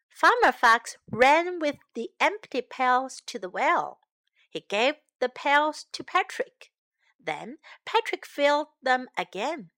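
A high, lively female voice reads a children's story slowly and clearly. Her tone is bright, and her pitch rises and falls with every phrase. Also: no room sound, studio quality. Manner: slow, clear, expressive reading with voiced characters.

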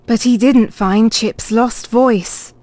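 A woman reading a children's picture book aloud, clear and expressive. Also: a little high, slow pace, dry recording. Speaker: storybook reader.

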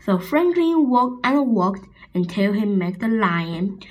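A woman reading a picture book aloud to children in a gentle storytelling manner. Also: medium pitch, very animated, slow pace, low-quality recording.

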